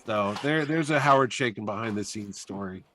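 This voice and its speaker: A man telling anecdotes as a guest in a casual interview, talking through long stories with animated energy. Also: lowish voice, fairly quick, slight background noise. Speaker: comic convention organizer, podcast guest; weekly radio show host.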